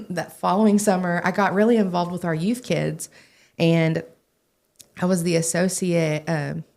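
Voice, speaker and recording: A young adult woman, a young adult pastor, telling stories in a podcast interview, animated and acting out the voices of the people she quotes. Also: fairly low pitch, measured pace, gravelly. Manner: animated, acts out quoted voices, laughs often. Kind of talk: casual storytelling in a podcast interview.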